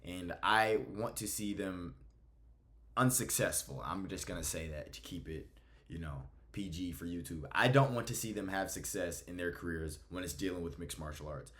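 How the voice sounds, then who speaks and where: Brief: young male host, lower register, heated and foul-mouthed rant. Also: normal speed, a bit bright. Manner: blunt, profane, heated. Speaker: MMA commentary YouTuber. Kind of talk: ranting video commentary.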